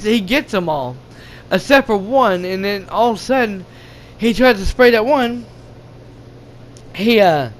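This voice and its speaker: A man retelling a movie's plot in a casual, halting, profane way, often restarting his sentences. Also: high-pitched, a bit bright, slight background noise. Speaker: gaming channel host.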